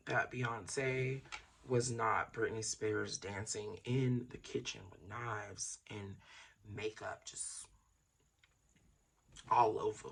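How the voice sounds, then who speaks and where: Casual vlogger with a slow, rambling delivery and a bright, tense tone that breaks into laughing outbursts. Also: medium pitch, steady tone, gravelly, breathy edge. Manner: rambling, swings between mumbling and loud laughing outbursts.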